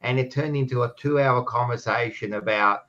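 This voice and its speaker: A man's voice: medium pitch, moderate pace, pushed and bright, muffled recording. A man co-hosting a football podcast, rambling, teasing and swearing freely in casual banter. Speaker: podcast co-host.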